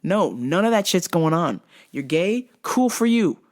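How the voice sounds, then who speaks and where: A man's voice: sits high, very animated, a little slow. Man, podcast host, profane, rambling, filler-heavy casual talk. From United States. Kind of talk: casual travel-recap monologue.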